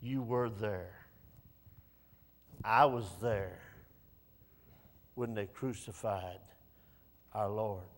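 A man preaching a sermon, dropping to hushed low passages and rising to pleading, raised lines. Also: very slow, long pauses, big-room sound.

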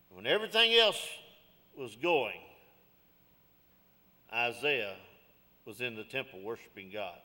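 A man's voice: mid-range voice, big pitch swings, a little slow, pauses often, bright, forceful tone, big-room sound. A middle-aged man, preaching a sermon in a church with folksy call-outs and jokes. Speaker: pastor.

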